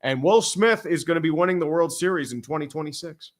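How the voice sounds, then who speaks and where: A man's voice: on the high side, expressive, fairly quick. A young man co-hosting a casual sports podcast, reading out viewer comments with crude jokes. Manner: crude, joking, reads out viewer messages.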